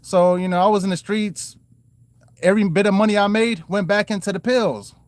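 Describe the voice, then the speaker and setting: A man's voice: sits high, fairly even intonation, brisk, no room sound. A man telling his own life story to the camera in a loose, rambling way, full of "you know" fillers and restarts. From Maryland and North Carolina, US.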